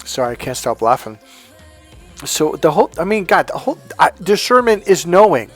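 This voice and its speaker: A man giving a casual spiritual monologue as a coach, animated and self-assured, often laughing at his own points. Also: on the high side, brisk, soft background music.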